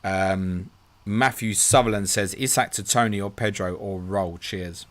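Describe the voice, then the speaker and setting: A chatty man hosts a live question-and-answer stream, reading viewer messages aloud and replying in a loose, friendly way. His voice sits a little low, and he keeps calling people "mate". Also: measured pace, fairly bright tone. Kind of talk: casual live Q&A.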